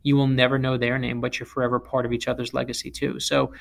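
Gravelly-voiced author guy telling stories, pushes hard on key words, grew up in south florida. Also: mid-range voice, fast talker. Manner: emphatic, animated storyteller. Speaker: author and guest speaker. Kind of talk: interview storytelling.

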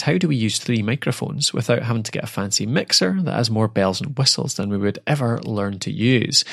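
A man's voice: medium pitch, creaky, fairly bright tone, dry recording, studio quality. A Scottish man hosting a casual podcast chat, joking and rambling with plenty of fillers and restarts. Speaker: podcast host.

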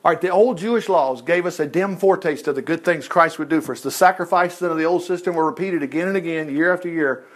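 A man's voice: on the high side, fast, few pauses. A man preaching an informal Bible-study sermon, reading scripture aloud and breaking off with folksy comments.

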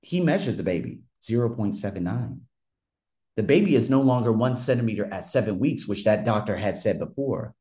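A man's voice: lowish voice, lively intonation, a little fast, dark tone. A man telling a personal story in a casual monologue, ranting heatedly and swearing often. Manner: heated, profane ranting with frequent restarts.

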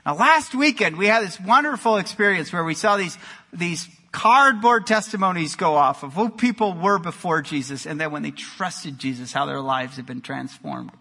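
A male pastor delivering an energetic sermon in a church, moving between loud exclamations and quiet emphasis. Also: high voice, moderate pace, creaky. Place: church sanctuary. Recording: long hall reverb.

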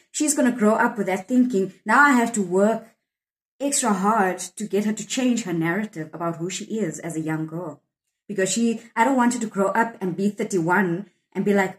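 A woman's voice: mid-range voice, poor audio. A woman in her thirties with a South African accent, talking earnestly and reflectively about her poem in an interview, often restarting her sentences. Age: 30s. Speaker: poet discussing her poem. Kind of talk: candid conversational interview.

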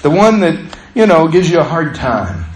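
Conversational pastor with a slightly high voice. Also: male voice, moderate pace, roomy sound, slight background noise, poor audio. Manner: conversational, animated storytelling with laughs. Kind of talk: sermon.

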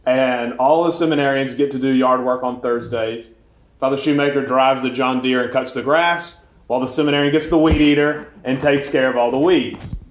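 A male priest preaches a homily at a mid-range pitch, easygoing and conversational, with small hesitations as he tells a story. His voice rings out in a roomy church with clear echo. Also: normal speed. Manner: conversational storytelling, relaxed with fillers. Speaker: Catholic priest.

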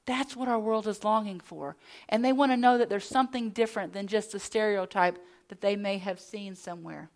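A woman's voice: mid-range voice, brisk. A middle-aged woman preaching a sermon as a pastor's wife, earnest, with storytelling and conversational asides.

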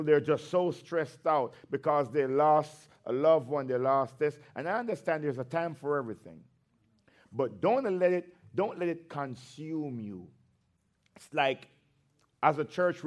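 A male pastor preaching a sermon, drawing out his words for emphasis and breaking into conversational asides between scripture readings. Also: mid-range voice. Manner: slow, emphatic preaching with drawn-out phrases.

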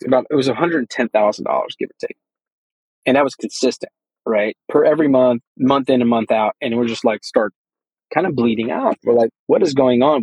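A man's voice: mid-range voice, slightly rough, no echo, poor audio. A man being interviewed, talking through his experience in a loose, rambling way and acting out what people said. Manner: rambling, animated, acts out quoted dialogue. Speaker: guest, real estate investor. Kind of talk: casual storytelling interview.

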